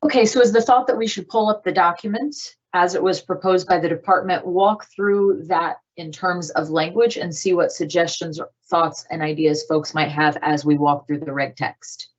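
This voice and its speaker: A woman's voice: fairly low pitch, fairly even intonation, moderate pace, hardly any pauses, dull audio. A woman facilitating a virtual meeting in an organized, directive way as she calls on participants. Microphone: video call.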